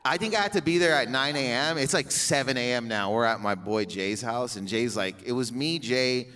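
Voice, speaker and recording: A man's voice: medium pitch, normal speed, bright, forceful tone, clear, resonant tone. A young man telling a long comedic story on stage, rambling, swearing and laughing often.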